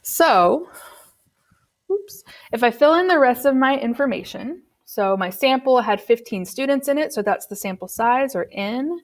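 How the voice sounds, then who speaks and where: A woman's voice: a little high, animated, measured pace. A woman teaching a recorded statistics lesson, explaining step by step in a patient, conversational way with occasional ums. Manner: patient, explanatory, uses fillers like um.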